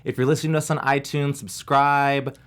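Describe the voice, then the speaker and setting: A man co-hosting a TV recap show, relaxed and casual, full of "like"s as he quotes characters. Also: medium pitch, brisk, clean tone. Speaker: co-host.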